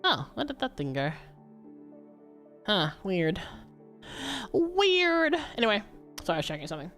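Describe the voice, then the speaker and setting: A woman with a low voice rambling casually to her viewers during a livestream, with fillers and laughs. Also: big pitch swings, a little fast, fairly bright tone, faint music behind. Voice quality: low-pitched voice.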